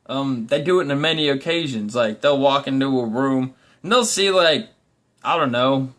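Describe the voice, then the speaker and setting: A man's voice: medium pitch, moderate pace, a bit bright. A young man vlogging in a blunt, profane, rambling monologue. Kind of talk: casual ranting monologue.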